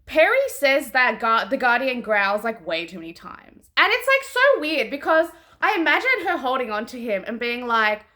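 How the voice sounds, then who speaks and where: A young woman reviewing a book in casual chat, frank and animated, peppering her talk with "like" and the odd swear. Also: a little high, normal speed, hardly any pauses. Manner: animated and chatty, heavy use of "like".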